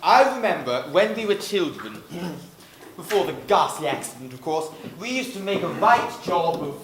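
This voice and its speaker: An actor on stage playing a bumbling, dim young gentleman who gushes silly exclamations. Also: sits high, very animated, moderate pace. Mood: gleeful. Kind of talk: amateur stage acting. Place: theatre stage. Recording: echoey hall with background noise.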